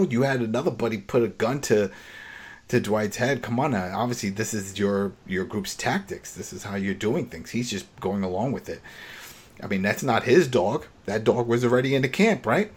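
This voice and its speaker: A man's voice: medium pitch, husky. A man hosting a podcast, casually recapping a TV episode in a rambling, opinionated way with many restarts. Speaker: podcast host.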